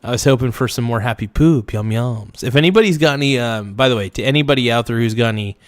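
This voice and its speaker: A man's voice: medium pitch, quick pace, no room sound. A man in his forties hosting a casual livestream, reacting to a video in a playful way and repeating phrases in a sing-song.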